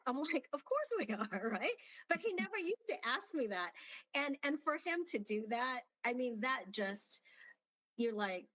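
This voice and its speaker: A woman's voice: a little high, lively intonation, a little slow, a bit bright, dry recording, poor audio. A woman co-hosting a radio talk show, telling a family story in casual chat and acting out the dialogue. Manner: storytelling, acts out quoted dialogue.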